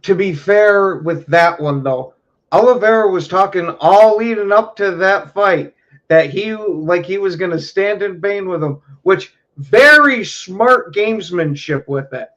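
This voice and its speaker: A man with a slightly raised voice chatting in a measured, even-handed way on a podcast. His audio comes through a bit dull and lo-fi. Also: high-pitched. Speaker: podcast co-host. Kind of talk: casual chat.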